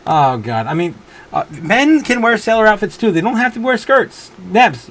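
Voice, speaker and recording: A man's voice: sits high, big pitch swings, moderate pace, a bit bright. A man hosting a casual livestream, reading viewer chat and rambling, often breaking into helpless laughter. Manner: rambling, many fillers and restarts. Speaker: livestream host.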